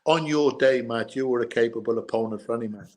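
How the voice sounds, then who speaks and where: A man's voice: medium pitch, quick pace, darkish tone. Irish-english ex boxer guy chatting in an interview, earnest, keeps repeating himself. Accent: Irish with English mix. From Ireland. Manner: repetitive, earnest storytelling with restarts. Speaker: guest, former boxer and bodyguard. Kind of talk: casual interview chat.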